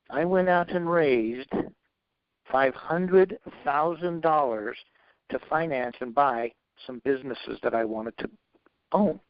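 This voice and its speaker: This interviewee, his voice on the high side, tells his own story with earnest faith and motivation, animatedly acting out each side of past conversations. It's a dry, slightly dull lo-fi recording with no echo.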